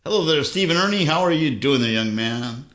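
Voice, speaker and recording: Chatting casually with viewers on his live stream, this Southern California host reads their messages and tells meandering stories with plenty of chuckles. He talks briskly in a slightly high, animated, somewhat bright voice, and the room sounds open.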